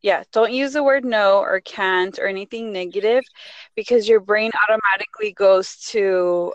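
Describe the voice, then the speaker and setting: A woman's voice: medium pitch, steady tone, normal speed, smooth, dry recording, muffled recording. A woman on a casual panel chat giving parenting advice, explaining with everyday examples and slipping into Spanish phrases. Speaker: guest parenting expert.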